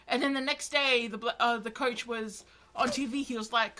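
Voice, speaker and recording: Chatty New woman, bright voice. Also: fairly high pitch, steady tone, normal speed. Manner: rambling, heavy on filler words, retells stories. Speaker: podcast co-host. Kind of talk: casual podcast chat.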